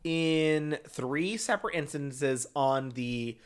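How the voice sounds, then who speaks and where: A man's voice: a little high, takes it slowly, clean tone. A man co-hosting a casual true-crime podcast, laughing often, swearing and using sassy slang. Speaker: podcast co-host.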